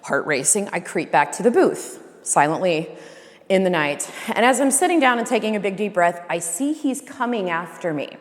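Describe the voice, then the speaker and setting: A woman's voice: medium pitch, lively intonation, moderate pace. A woman who works backstage in a theater tells a casual anecdote in a wry, profane way, acting out her own thoughts. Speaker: theater stage manager. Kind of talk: casual storytelling. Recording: long reverb.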